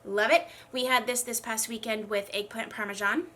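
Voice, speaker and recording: A woman's voice: a little high, steady tone, moderate pace, bright, forceful tone, slight background noise. A young woman chatting casually while doing her makeup, sounding congested and struggling a little to speak, rambling and poking fun at herself. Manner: chatty, self-deprecating, rambling. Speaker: beauty vlogger. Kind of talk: casual get-ready-with-me chat.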